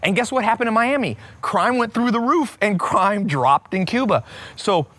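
A man's voice: animated, normal speed, a bit bright, no echo. Blunt, profane man ranting. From United States. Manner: blunt and profane, with sudden jumps in pitch. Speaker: self-help speaker. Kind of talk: unscripted ranting monologue.

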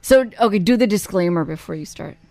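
A woman's voice: medium pitch, expressive, brisk, warm tone, no echo. A woman co-hosting a radio show, chatting casually and teasing her partner on a close studio mic. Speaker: radio co-host.

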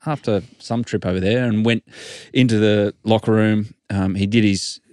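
A man's voice: lowish voice, steady tone, normal speed, a little mellow, clear, resonant tone, no room sound. An Australian man co-hosting a sports podcast, telling stories in a laid-back, dry, teasing way. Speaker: podcast co-host, rugby league journalist. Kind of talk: casual chat.

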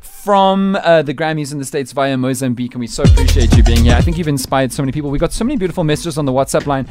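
A man's voice: medium pitch, quick pace, loud music behind the voice. A man hosting a breakfast radio show, chatting in a teasing way and laughing often. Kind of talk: casual radio chat. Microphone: radio studio microphone.

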